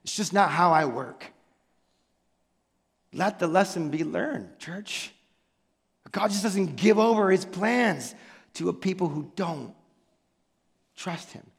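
High-voiced pastor preaching in a reverberant hall. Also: male voice, creaky, slightly rough. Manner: emphatic, repeats "listen" and rhetorical questions. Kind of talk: sermon. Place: church sanctuary. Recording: long church-hall reverb.

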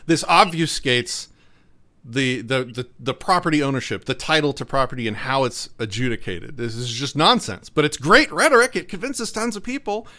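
A man guest on a podcast, ranting in an animated way with frequent restarts. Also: mid-range voice. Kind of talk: casual podcast debate.

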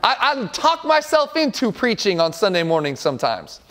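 A man's voice: sits high, huge pitch swings, moderate pace, a bit bright. A man around forty preaching a sermon as a pastor, earnest and emphatic, repeating phrases for effect.

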